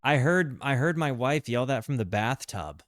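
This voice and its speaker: A man's voice: mid-range voice, animated, normal speed. A man from the American South giving casual, hesitant reaction commentary, often restarting and repeating his words. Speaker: music reaction host. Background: faint music playing.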